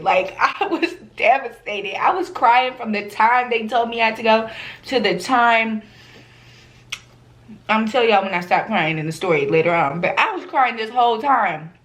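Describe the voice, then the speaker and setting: A young woman, chatting casually as a vlogger, animated and slangy, often acting out the people in her story. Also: fairly high pitch, normal speed. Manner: animated, slangy, acts out quoted voices.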